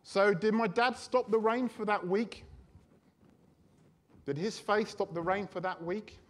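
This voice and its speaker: A man preaching a sermon, telling a personal story in a chatty, animated way. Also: high voice, a little slow.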